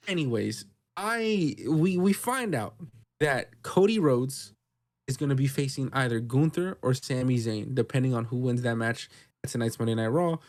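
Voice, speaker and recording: A man co-hosting a podcast, recapping wrestling in casual, profane, excitable chat. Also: mid-range voice, moderate pace. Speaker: podcast co-host.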